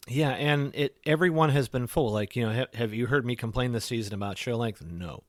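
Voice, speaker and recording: A man's voice: medium pitch, a little fast, no room sound, clean studio sound. A man hosting a podcast in casual chat, talking in loose, rambling sentences full of "you know" fillers. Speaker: podcast host.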